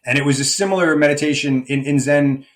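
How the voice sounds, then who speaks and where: A man's voice: on the high side, quick pace. A middle-aged man speaking as a life coach guest in an interview, thoughtful and searching, often restarting his sentences. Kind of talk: reflective conversational interview.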